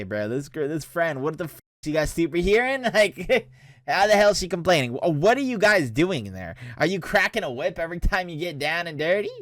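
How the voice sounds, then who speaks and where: A young man with a medium-pitched voice reacts to posts he reads aloud, joking and laughing often in loose slang. The sound is dry and close, with no room around it. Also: no echo. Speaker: reaction streamer. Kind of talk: casual reaction commentary.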